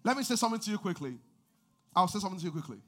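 Man, pastor preaching, very high voice, bright tense tone, shouting and sing-song. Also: big pitch swings, racing, soft background music. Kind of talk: sermon.

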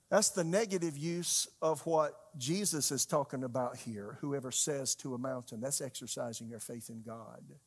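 Male pastor, high tenor, conversational sermon with big dynamic swings. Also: normal speed, breathy edge. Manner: conversational preaching with sharp swings in pitch and loudness, rhetorical questions.

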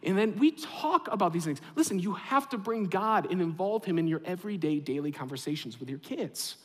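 High-voiced man preaching in an echoey hall. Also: brisk. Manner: animated, conversational with asides to the congregation. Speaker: pastor. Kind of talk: sermon.

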